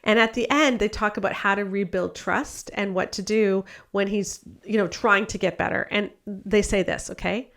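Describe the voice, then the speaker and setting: A woman's voice: mid-range voice, fairly even intonation, normal speed, vocal fry, hardly any pauses, fairly bright tone. Earnest woman hosting a podcast. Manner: earnest, critical commentary. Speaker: podcast host. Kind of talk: casual podcast discussion.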